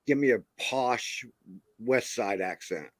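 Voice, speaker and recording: A man chatting casually on a show, relaxed and swearing now and then. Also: mid-range voice, slow, crowd noise. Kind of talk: casual chat.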